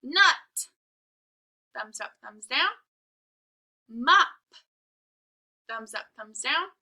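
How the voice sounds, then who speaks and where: Woman, high voice, very bright tone, recorded phonics lesson for little kids, drawn-out letter sounds. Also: animated. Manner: slow, exaggerated sounding-out of letters and words. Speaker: kindergarten teacher.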